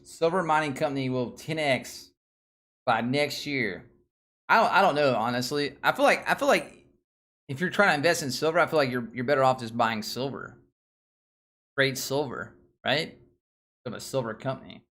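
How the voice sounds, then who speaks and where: A Nashville, Tennessee man with a Southern twang hosts a casual stock live stream, thinking aloud in a rambling, slangy style. His voice is medium-pitched and a bit bright, at normal speed with frequent pauses.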